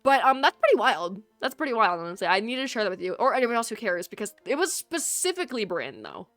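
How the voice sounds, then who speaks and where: A woman's voice: a little high, big pitch swings, fast, a bit bright, no room sound, soft background music. A woman streaming a video game, chatting casually with her viewers, teasing and laughing often.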